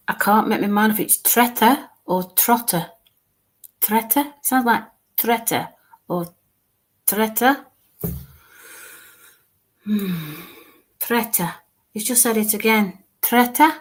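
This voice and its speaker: A woman giving a live mediumship reading, speaking in a halting way, repeating words as she describes what she sees, and sometimes dropping to a murmur. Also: on the high side.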